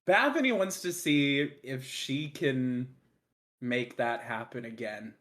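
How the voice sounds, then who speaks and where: A tabletop player describes a character slowly, pausing often and filling gaps with ums and likes. The voice sits in a middle pitch and takes its time. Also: a bit bright. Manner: hesitant, full of ums and likes. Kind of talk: playing a character in a tabletop game.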